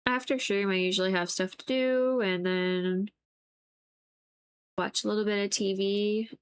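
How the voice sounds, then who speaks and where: A young adult woman streaming as she paints, chatting in a relaxed, rambling way with lots of "like". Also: medium pitch, a little slow, smooth. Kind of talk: casual chat while painting on stream.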